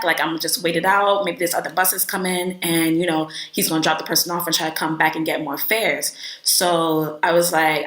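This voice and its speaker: A young woman with a slightly low voice tells a storytime in a chatty, animated way, with "like" filling her sentences. Her voice bounces off the walls of an echoey room. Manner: animated, chatty, many "like" fillers, acts out quotes. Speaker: vlogger telling a travel story. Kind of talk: casual storytime.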